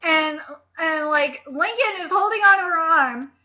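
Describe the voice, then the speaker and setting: A young woman vlogger chatting about a book, gushing and excitable, with lots of fillers and casual swearing. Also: very high-pitched, a little slow, muffled recording.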